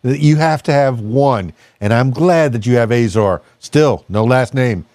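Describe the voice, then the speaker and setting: A man's voice: mid-range voice, a little slow, a little mellow, dry recording, studio quality. A man hosting a podcast interview, chatting casually with a lot of fillers and jokes. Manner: rambling, jokey, many fillers. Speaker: podcast host.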